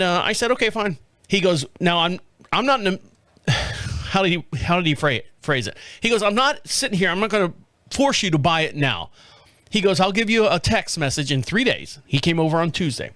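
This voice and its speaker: A middle-aged man hosting a podcast, telling a story in casual chat, animated, acting out the voices of the people in it and laughing often. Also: high-pitched, brisk, dry recording. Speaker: podcast host.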